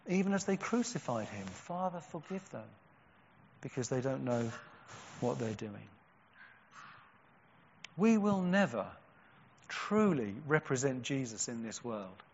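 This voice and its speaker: A man preaching a sermon, earnest, with strong emphatic peaks and quiet, slow, drawn-out words. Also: mid-range voice, slight background noise. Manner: earnest, rising to emphatic cries and dropping to hushed, slow stresses. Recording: dull sound with a long hall echo.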